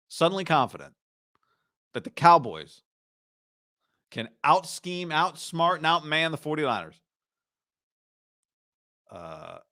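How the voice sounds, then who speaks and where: A man's voice: mid-range voice, fairly bright tone, no echo, studio quality. A man hosting a sports talk show, giving casual, emphatic commentary and repeating lines for punch.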